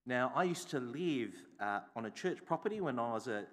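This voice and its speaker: A man's voice: mid-range voice, big pitch swings, fast talker, few pauses. A man, a bishop preaching a sermon, telling a personal story and asking the congregation repeated rhetorical questions. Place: church. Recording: echoey hall.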